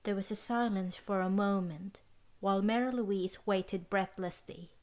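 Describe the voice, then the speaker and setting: A woman narrating a classic mystery audiobook in an even storytelling manner. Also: mid-range voice, measured pace. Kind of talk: scripted narration.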